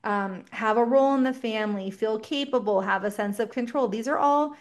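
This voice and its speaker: Animated woman explaining child development. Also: fairly high pitch, fairly quick. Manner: explanatory, animated, acts out child and parent voices. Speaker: parenting expert guest. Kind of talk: casual podcast conversation.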